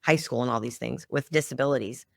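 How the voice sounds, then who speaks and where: A woman's voice: a bass voice, fast, gravelly, dry recording, clean studio sound. A middle-aged woman, a guest on a podcast, telling a family story in a heartfelt, emotional way. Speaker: guest, founder of a children's music project. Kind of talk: conversational storytelling interview.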